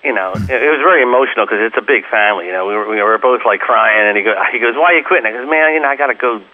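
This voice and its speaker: A man's voice: fairly low pitch, rapid-fire, narrow, tinny audio. A man being interviewed as a guest musician, telling long rambling anecdotes full of "you know" and acting out the voices of people he quotes. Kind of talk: casual interview storytelling.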